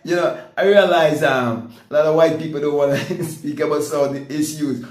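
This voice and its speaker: High-voiced man preaching emphatically. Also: moderate pace, few pauses, darkish tone, reverberant, a little hiss or hum. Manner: emphatic, repetitive, keeps asking "okay?", laughs often. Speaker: vlogger. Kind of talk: preaching monologue.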